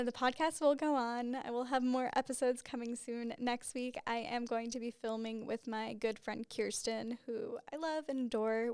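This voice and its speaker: A woman's voice: fairly high pitch, clear, resonant tone, no echo, studio quality. A young woman hosting her own podcast, talking candidly and casually, full of "like" fillers. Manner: chatty and candid, with frequent "like" fillers and laughs. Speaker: podcast host. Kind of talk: casual solo podcast monologue.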